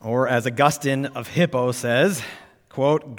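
A man's voice: medium pitch, a little slow, fairly bright tone. A man preaching a sermon as pastor, emphatic and pushing up on key words, asking his listeners direct questions. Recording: reverberant hall.

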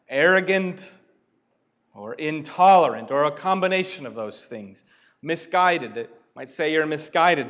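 A man preaching a sermon, deliberate and building to emphatic points. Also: on the high side, a bit bright, lo-fi sound. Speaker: pastor.

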